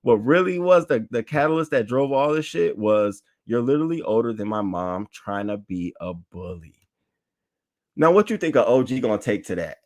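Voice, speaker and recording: A man giving casual, slangy news commentary to his chat, animated and reading tweets aloud. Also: medium pitch, normal speed. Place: home setup, talking to chat.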